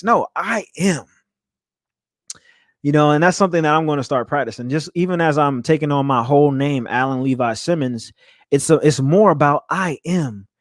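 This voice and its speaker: Recorded with clean studio sound and no room ambience, a young man with a slightly high voice speaks earnestly on his motivational podcast. His delivery is animated, full of laughter, with frequent restarts and repeated words.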